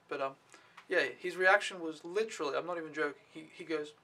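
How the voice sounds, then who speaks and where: A man's voice: on the high side, a little fast, bright, forceful tone. A young man telling his day in a casual vlog, rambling and offhand, swearing freely. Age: young adult. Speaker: au pair vlogger.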